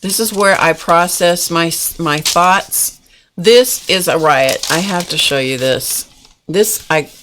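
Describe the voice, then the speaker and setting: A woman with a low-pitched, fairly bright voice hosts a casual live-stream art class from her home desk. She chats folksily with viewers as she demonstrates, recorded on a camera mic at the desk.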